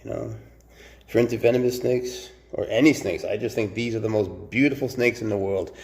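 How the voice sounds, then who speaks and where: A man who keeps snakes, talking casually and fondly about them, slipping into doting baby talk and soft whispers. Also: lowish voice, steady tone, brisk. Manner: drops to soft whispers at times. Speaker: snake keeper. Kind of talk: casual talk to camera while handling snakes. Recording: faint background noise.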